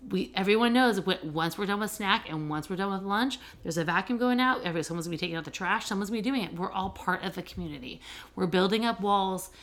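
A middle-aged woman who hosts a podcast and works as an educator with children and families talks candidly in a casual monologue. Her medium-pitched voice is fast, and her animated stories are full of fillers.

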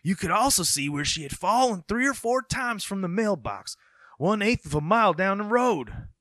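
A man puts on a country fellow with a Southern twang and a high, strained voice. He tells it earnestly and in a rush. The sound is dry and close. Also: sing-song, moderate pace, fairly bright tone, dry recording. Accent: put-on Southern US. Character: rural man who found a frozen girl.

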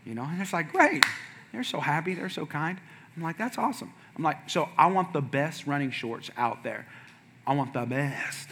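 A man preaching a sermon as a pastor, telling a story with big swings from quiet asides to loud, shouted punchlines. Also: a little high, lively intonation, normal speed, slight background noise.

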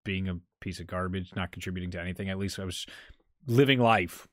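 A man co-hosting a podcast, telling a long story in a rambling, animated way. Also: low-pitched, quick pace, no echo, studio quality. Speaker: podcast co-host. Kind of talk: casual chat, storytelling.

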